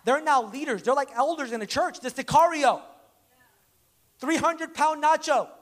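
Male preacher, unusually high voice, animated storyteller, conversational sermon. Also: moderate pace. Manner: animated, acts out dialogue in stories.

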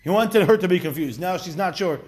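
A man teaching a lively study class, explaining step by step with rhetorical questions and acted-out quotes. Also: high-pitched, a little fast. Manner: animated, asks rhetorical questions, acts out quotes. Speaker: Talmud teacher.

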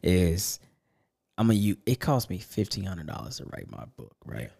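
Deep gravelly guy cohosting a podcast, relaxed chatty, cusses a lot. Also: moderate pace. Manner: laid-back, swears freely, laughs often. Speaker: podcast co-host. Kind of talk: casual chat. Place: studio.

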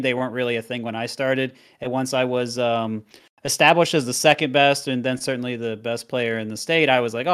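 A man's voice: mid-range voice, a bit bright, smooth. A young man speaking in an interview, candid and self-deprecating as he reflects on his past. He talks at an easy length, owning his limits plainly. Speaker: guest, competitive player and streamer.

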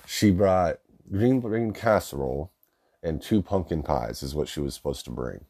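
Deep-voiced young man, rambling and profane. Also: expressive, moderate pace, mellow, breathy edge. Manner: rambling, profane, laughs through his stories. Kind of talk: casual storytelling.

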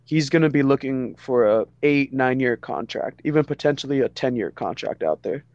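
A man's voice: medium pitch, expressive, moderate pace, darkish tone, no room sound, muffled recording. A man co-hosting a casual sports podcast, talking loosely with a lot of "you know" fillers. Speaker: podcast co-host.

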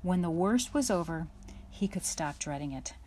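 A woman narrating a children's storybook chapter aloud in a steady, measured way. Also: lowish voice, a little hiss or hum. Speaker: audiobook narrator. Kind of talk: storybook reading.

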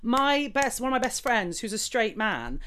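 A woman's voice: fairly high pitch, very animated, moderate pace, fairly bright tone, slight background noise. A woman guest telling bawdy stories in a casual interview, laughing often.

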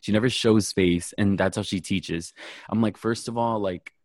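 A man's voice: lowish voice, normal speed, no echo, clean studio sound. A young man co-hosting a casual podcast, telling a story with lots of profanity and acting out the people he quotes. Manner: animated, profane, acts out quotes. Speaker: podcast co-host.

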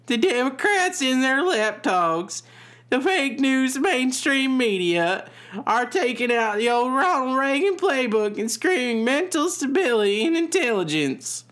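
A man doing a mock-serious impression of a boastful president, slow and pompous. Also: very high-pitched, very animated, a bit bright, pitched above the performer's own voice, exaggerated voice. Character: impression of a boastful male president reading his own posts.

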